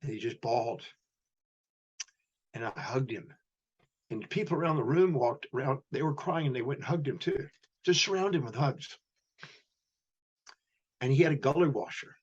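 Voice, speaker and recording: Man, husky, guest storyteller acting out dialogue, slightly dull lo-fi recording. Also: mid-range voice, animated, normal speed, long pauses. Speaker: guest, human behavior specialist. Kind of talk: storytelling in a podcast interview.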